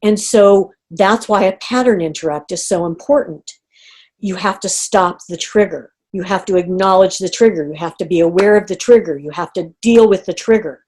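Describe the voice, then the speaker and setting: A middle-aged woman leading an online group coaching call, talking in an animated way and acting out inner reactions. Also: lowish voice, normal speed. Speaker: coach running a group session. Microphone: video call.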